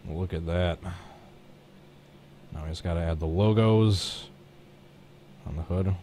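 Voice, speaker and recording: Mellow and slow, a man's low voice drifts through a live stream as he paints a race truck on his computer, casually thinking aloud and running himself down a bit at each step. A little hiss or hum sits under the recording.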